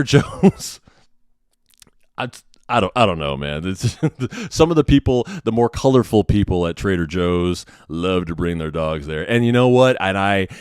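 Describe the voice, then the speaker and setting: A man's voice: on the low side, darkish tone, clean tone, no echo, studio quality. A man in his thirties hosting a podcast, ranting bluntly and sardonically with lots of swearing. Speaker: podcast host, hospital worker. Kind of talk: ranting monologue.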